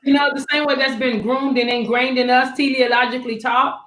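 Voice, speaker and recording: A woman hosting a casual panel, her voice a little higher than most, echoing around the room she sits in. She tells her stories with lively acted-out quotes. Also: brisk. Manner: storytelling that acts out quoted voices. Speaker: panel host.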